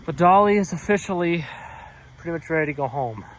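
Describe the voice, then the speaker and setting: A man's voice: fairly high pitch, expressive, a little fast, a bit bright, a little hiss or hum, low-quality recording. A man casually talking through work on his old trucks outdoors, rambling with lots of "so, yeah" fillers and the odd curse. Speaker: mechanic vlogger. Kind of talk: casual shop vlog. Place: outdoors at a home car shop.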